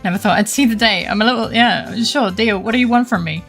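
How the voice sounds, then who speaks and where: A woman's voice: medium pitch, fast talker, fairly bright tone, soft background music. A woman streamer giving casual, joking commentary and reading game dialogue aloud, often swearing and laughing.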